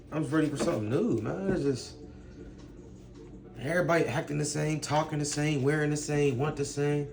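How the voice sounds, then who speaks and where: A man's voice: fairly high pitch, background noise. Blunt, profane man ranting. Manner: blunt, profane street talk; ranting, rhetorical questions. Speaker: vlogger. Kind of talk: casual rant to camera.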